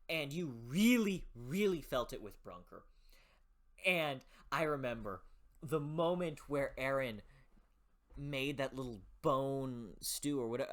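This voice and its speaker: A book reviewer talking in a casual, passionate way, swearing freely and often restarting sentences while thinking aloud. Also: medium pitch.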